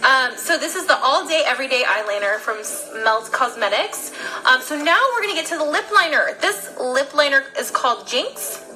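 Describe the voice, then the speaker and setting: A woman's voice: high-pitched, animated, moderate pace, sharp tone, faint music behind, rough recording. A young woman chatting casually through a makeup unboxing, bubbly and gushing about each product. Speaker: beauty vlogger.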